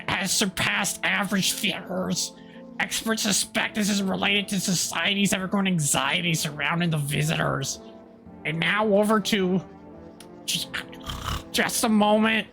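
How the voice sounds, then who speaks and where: A formal news anchor with a bright, crisp tone, as a man reads him out. The reading is slow and measured, with faint music underneath. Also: high-pitched, full character voice.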